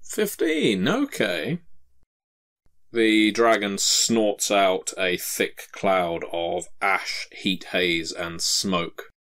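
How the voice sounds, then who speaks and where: A man narrating calmly as game master of a tabletop role-playing game. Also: deep voice. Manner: calm, measured narration.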